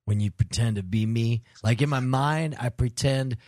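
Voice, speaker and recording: A man's voice: medium pitch, moderate pace, darkish tone, no echo, clean studio sound, natural voice. A man playing a bumbling, giggly sidekick detective who stammers and slips in crude jokes. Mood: teasing. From Wisconsin. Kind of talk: improvised comedy role-play.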